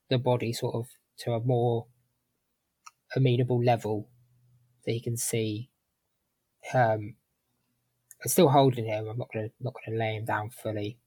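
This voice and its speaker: A man playing in a tabletop game, slowly describing his character's actions. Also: mid-range voice, darkish tone, no echo, low-quality recording. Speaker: player.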